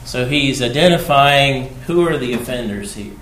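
A man preaching a sermon, repeating his key phrases for emphasis and swinging between hushed and loud delivery. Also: medium pitch, expressive, normal speed, echoey room, poor audio.

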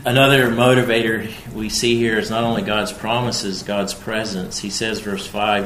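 A man with a fairly low, flat voice preaches an expository sermon at a slow, deliberate pace, speaking emphatically and growing louder whenever he quotes scripture. The recording has an echoey room sound and a little hiss or hum.

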